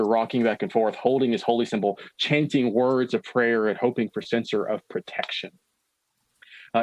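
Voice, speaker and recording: A man running a tabletop horror game as dungeon master, describing scenes slowly and with suspense, with casual asides to his players. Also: medium pitch, no room sound.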